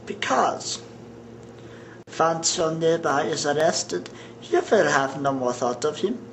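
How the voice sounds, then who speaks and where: Someone in a played clip voicing a sinister elite villain with a put-on German accent, slow and theatrical. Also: medium pitch, animated, slight background noise. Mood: menacing.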